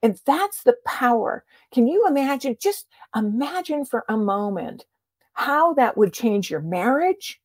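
A woman's voice: a little high, very animated, measured pace, husky, dry recording, clean studio sound. A middle-aged woman, a coach being interviewed, telling stories in a casual chat and acting out the dialogue she quotes. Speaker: transformation coach guest.

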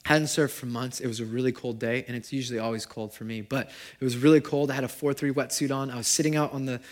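Guy preaching at church, mid voice, goes loud then real quiet. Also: medium pitch, fast talker. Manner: animated, shifts from loud to hushed. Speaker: pastor. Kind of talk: sermon. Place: church gathering.

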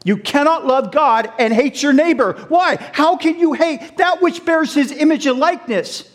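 A middle-aged man preaching a sermon, animated, asking the audience questions and laughing along with them. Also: very high voice, moderate pace.

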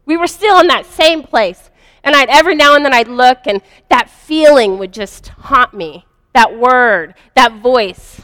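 A woman's voice: high voice, expressive, unhurried, a bit bright, no echo, big-room sound. A woman earnestly telling a personal spiritual story in a confessional first-person way. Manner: earnest, confessional, vivid retelling. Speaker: speaker sharing a personal story.

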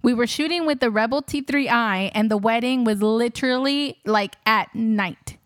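A woman who works as a wedding photographer and host tells her listeners a story in a casual, chatty way, using lots of fillers and laughing frequently. Her voice is a little high and her pace normal, recorded in clean studio sound with no echo.

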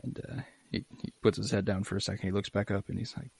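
A man's voice: fairly low pitch, fairly even intonation, fast talker, vocal fry, breathy edge, no echo. A young man casually retelling an episode in a podcast chat, acting out lines in exaggerated voices and swearing freely. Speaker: podcast co-host recapping an episode.

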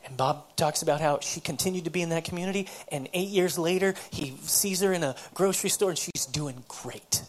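A woman preaches a sermon with earnest conviction, her voice sitting a little low for a woman. She tells stories and stumbles over repeated words as she builds her point. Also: a little fast, hardly any pauses.

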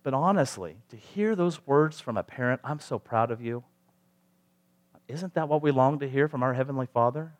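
A man's voice: mid-range voice, fairly quick, few pauses. Conversational male preacher. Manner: conversational, rhetorical questions, acts out voices in quotes. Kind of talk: sermon.

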